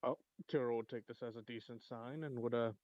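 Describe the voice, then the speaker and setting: A man's voice: medium pitch, steady tone, fairly quick, no echo, highs cut off. Hesitant man playing a tabletop game. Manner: hesitant, with many fillers. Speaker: player. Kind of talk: describing his character's actions in a tabletop game.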